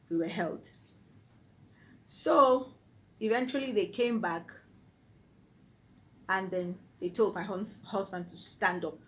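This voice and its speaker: A woman's voice: lowish voice, a little hiss or hum, poor audio. A Nigerian woman telling a personal story on her vlog in an earnest, vivid way. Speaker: vlogger.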